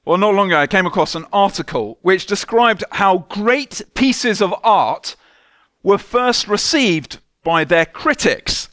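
Guy preaching in church, pretty high voice, dry close sound, chatty and jokey. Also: dry recording. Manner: conversational, self-deprecating humour, soft prayerful tone when praying. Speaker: minister. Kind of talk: sermon.

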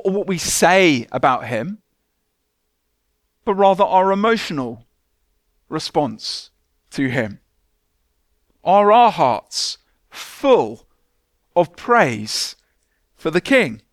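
A man, a church minister giving a relaxed, conversational sermon with light self-mocking humour. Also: high voice, unhurried, pauses often, dry recording, studio quality. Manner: conversational, self-deprecating humour, soft prayerful tone when praying.

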